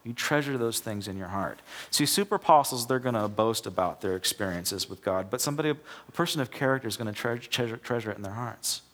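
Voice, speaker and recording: A man's voice: mid-range voice, lively intonation, fast talker, hardly any pauses, fairly bright tone. A young adult man, a pastor, preaching in a church in a loose, conversational way, often restarting his words as he tells a joke to make his point. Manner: conversational, repeats and restarts words, acts out quoted characters. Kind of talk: sermon with a joke told as illustration.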